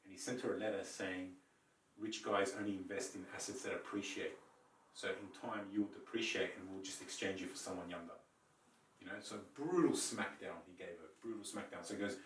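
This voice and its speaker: A man's voice: sits low, brisk. A man on a casual podcast who tells a story with lots of swearing and acts out what each person said. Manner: animated, swearing, acts out quoted lines. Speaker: podcast co-host. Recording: roomy, mic a bit distant.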